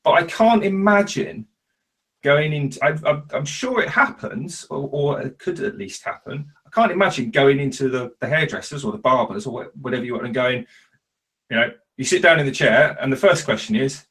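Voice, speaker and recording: A man's voice: medium pitch, normal speed, a bit bright. A man hosting a podcast, chatting casually with many restarts and acted-out quotes. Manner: hesitant, restarts, acts out quoted customers. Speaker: podcast host.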